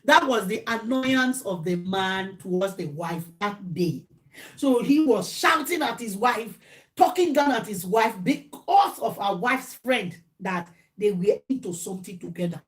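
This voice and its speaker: A woman's voice: medium pitch, animated, unhurried. A Nigerian woman vlogger telling a gossip story during a mukbang, mimicking the people in it. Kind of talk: chatty storytelling while eating.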